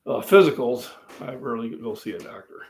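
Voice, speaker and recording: An older fitness channel host cooks in his home kitchen during a casual live stream, rambling folksily and speaking right to his viewers. He talks a little fast in an animated, mid-range voice. His voice is off-mic in a roomy-sounding room.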